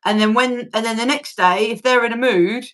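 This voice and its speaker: A woman's voice: a little high, normal speed, fairly bright tone. A British woman in her forties hosting a casual livestream chat, talking loosely, laughing often and swearing freely. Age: 40s. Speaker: livestream host.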